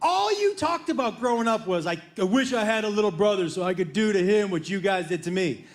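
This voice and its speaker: A man's voice: high-pitched, expressive, brisk. A man voicing his older brother, who eagerly eggs him on to prank his son. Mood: egging on.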